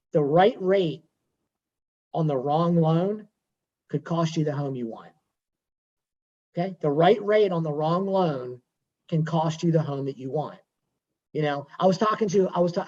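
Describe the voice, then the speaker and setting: A man with a husky, slightly high voice talks through home loans on a video call. He is chatty and digressive and repeats his points. The audio is dull and lo-fi. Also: darkish tone. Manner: conversational, digressive, repeats himself. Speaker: mortgage lender. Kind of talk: workshop talk on a video call.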